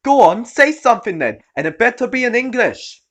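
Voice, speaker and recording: A man voicing a furious, entitled middle-aged mother who snaps and demands in a shrill voice. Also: moderate pace, fairly bright tone. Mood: angry scolding. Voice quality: shrill and screeching. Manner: hostile, demanding, snapping.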